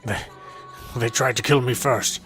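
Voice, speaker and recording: A man's voice: mid-range voice, fairly even intonation, measured pace, a bit bright, faint music behind, close to an everyday voice. A man voicing a tormented, violent man who calls himself a beast, speaking in ragged, stuttering outbursts, in a fan voice dub of a visual novel.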